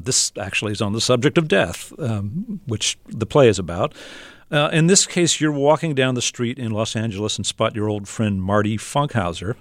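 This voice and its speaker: Radio interviewer, man, measured delivery, dry studio voice. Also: lowish voice, no room sound. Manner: measured, introduces clips. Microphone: studio microphone.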